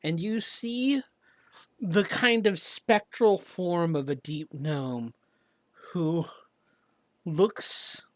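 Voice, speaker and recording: A game master narrates and chats during a tabletop role-play session, slow and halting and quick to laugh. The speech is unhurried, and the sound is dry and close with no room echo. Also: medium pitch.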